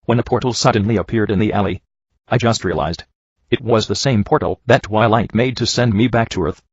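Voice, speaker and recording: A man reading a badly written story aloud in a dry, sarcastic, deadpan way, mocking it as he goes. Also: lowish voice, a little fast, slightly rough, no room sound. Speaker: reviewer reading bad fanfiction. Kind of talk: dry comedic reading and commentary. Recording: dull lo-fi home recording.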